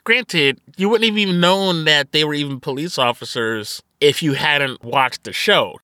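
Man, podcast co-host, casual movie chat, animated and profane, bright higher voice. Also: unhurried, dry recording, clean studio sound. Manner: animated, profane, laughs often.

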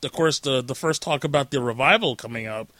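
Podcast host, male, chatty and upbeat, bright voice, dry close sound. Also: mid-range voice, fairly quick, no room sound. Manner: chatty, upbeat, self-mocking. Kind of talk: casual interview chat.

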